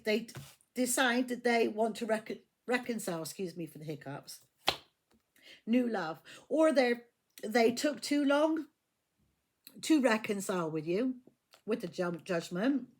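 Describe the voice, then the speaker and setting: Blunt, swearing woman reading tarot. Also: a little high. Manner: blunt, swears freely, repeats herself. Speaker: tarot reader.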